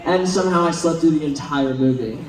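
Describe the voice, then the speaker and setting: A man's voice: on the high side, fairly quick. A young man as a panel guest, telling rambling stories with lots of laughs. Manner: rambling, animated, laughs often. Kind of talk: casual panel storytelling. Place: large convention hall. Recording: echoey convention hall from far off, crowd. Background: crowd noise.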